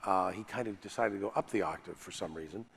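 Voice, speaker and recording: A man, a voice actor and panel guest, telling animated, self-deprecating stories with frequent restarts. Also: low voice, fast, creaky, slightly rough, long reverb tail. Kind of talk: animated anecdotal storytelling.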